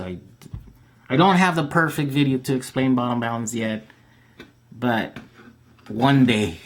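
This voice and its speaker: A man with a medium-pitched voice hosts a casual live Q&A stream. He reads viewer questions aloud and chats loosely, with plenty of fillers and restarts.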